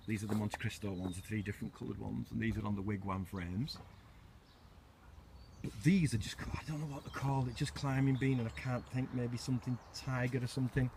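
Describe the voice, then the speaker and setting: A man's voice: fairly low pitch, background noise. A middle-aged man gives a chatty, self-mocking walking tour of his allotment garden, recorded outdoors on a handheld camera.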